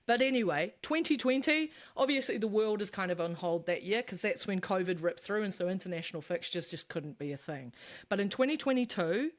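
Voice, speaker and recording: A woman's voice: mid-range voice, animated, fairly quick. Conversational New woman podcaster. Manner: conversational, explains history with asides and self-corrections. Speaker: podcast co-host. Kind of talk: casual podcast chat.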